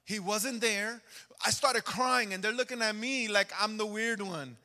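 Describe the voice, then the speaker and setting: In a church sanctuary, a man gives a conversational sermon testimony, calling out to the congregation for amens. His high voice is pushed and bright at a measured pace, with a big-room sound.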